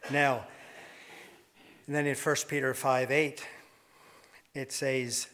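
A man's voice: mid-range voice, fairly even intonation, drawn-out words, long pauses, fairly bright tone. An older man preaching a sermon in a rambling, folksy storytelling way, with self-deprecating humor.

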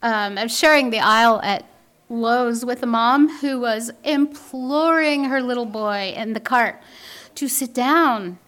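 A high-pitched woman speaks at an unhurried pace, giving a faith-based parenting talk. She is earnest and dryly humorous, and she acts out the voices she quotes. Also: fairly bright tone.

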